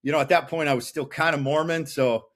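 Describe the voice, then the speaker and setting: A man's voice: fairly high pitch, fairly even intonation, quick pace, a bit bright. A man in his thirties, a podcast guest, telling his story in a blunt, profane, intense way. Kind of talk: casual interview chat.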